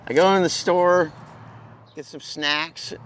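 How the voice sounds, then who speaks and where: Brief: male storyteller, slightly higher voice, easygoing slang, swears freely, faint background noise. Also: fairly even intonation, takes it slowly, a bit bright. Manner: laid-back, slangy and profane, with laughs. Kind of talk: casual spoken anecdote.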